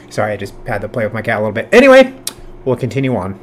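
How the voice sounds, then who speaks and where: A man hosting a reaction video in casual, profane commentary, swinging between loud outbursts and low mutters, sometimes cooing baby talk at his cat. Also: wildly swooping pitch, very fast, slight background noise.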